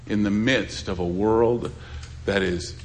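A man preaching a sermon as a pastor, pleading and swinging between loud appeals and hushed asides. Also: on the low side, steady tone, takes it slowly, a little hiss or hum.

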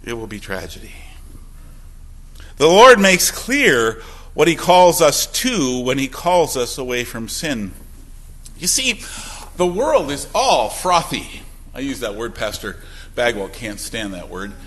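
Male pastor, sermon delivery, animated intonation, punchy then hushed. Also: mid-range voice, slow pace. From Wisconsin. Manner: emphatic preaching with sudden loud and soft swings.

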